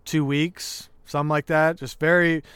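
A man's voice: fairly high pitch, little pitch movement, normal speed, a bit bright, clear, resonant tone, no room sound. A man in his thirties, a podcast guest, earnestly recounting his personal story and acting out the dialogue. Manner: earnest, emotional, acts out quoted dialogue.

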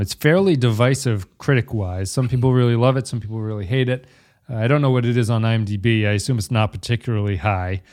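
A man's voice: mid-range voice, a little mellow. A man hosting a podcast, chatting casually and rambling, often correcting himself mid-sentence. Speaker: podcast host.

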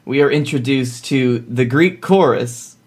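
A man co-hosting a casual theater podcast, talking with many fillers and pauses about a musical he loves. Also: mid-range voice, slightly rough. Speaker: podcast co-host. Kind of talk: casual chat.

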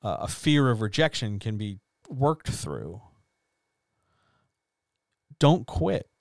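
A man hosting a writers chat, talking earnestly and at length, swearing now and then and repeating phrases, with his voice rising loud and dropping low. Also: very animated, slow pace, gravelly, no room sound, studio quality. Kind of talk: impassioned motivational monologue.

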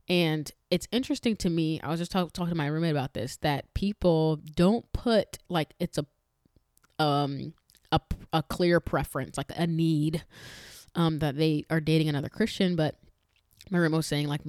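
A woman's voice: sits low, a little mellow, no echo, studio quality. A woman hosting a faith-based podcast, talking earnestly and with emphasis, chatting directly to her listeners with frequent restarts. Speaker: podcast host.

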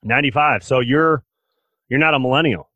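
A man's voice: mid-range voice, fairly quick, sharp tone, no echo, lo-fi sound. A man hosting a podcast, chatting in a playful, joking way with many restarts. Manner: playful, jokey, lots of restarts. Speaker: podcast host. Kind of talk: casual interview chat.

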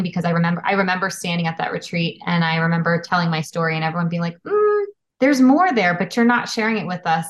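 A woman's voice: fairly low pitch, a bit bright. A woman publisher as a podcast guest, telling personal stories earnestly and candidly. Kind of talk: casual interview chat.

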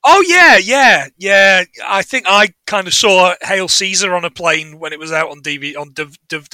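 Podcast co-host, male, high bright voice, dry close sound, sardonic and sweary. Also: moderate pace, dry recording. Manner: sardonic, sweary, laughs at his own jokes. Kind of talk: casual film recap chat.

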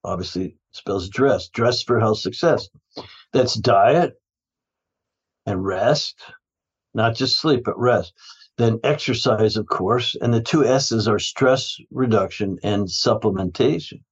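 A man's voice: fairly low pitch, slow pace, breathy edge, highs cut off. A man who is a guest in a casual interview, telling stories about his health practice in a rambling way, often restarting his sentences and laughing.

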